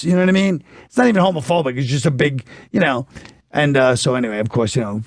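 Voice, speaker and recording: A man's voice: medium pitch, quick pace, no room sound. A man who is a guest comedian, chatting casually and rambling through stories with frequent laughs and restarts. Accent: New York. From United States. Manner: rambling, self-interrupting storyteller with frequent laughs. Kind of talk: casual podcast chat.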